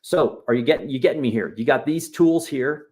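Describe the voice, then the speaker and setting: A man leading a live online bookmaking workshop, walking viewers through software in a loose, chatty, encouraging way while he clicks around. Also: medium pitch, fairly quick. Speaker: workshop instructor. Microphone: video call.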